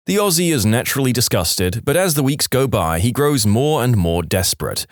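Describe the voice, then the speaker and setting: A man narrating jokes for a storytelling podcast, in an animated way, now and then slipping into funny character voices. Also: mid-range voice, normal speed, few pauses, dry recording, clean studio sound.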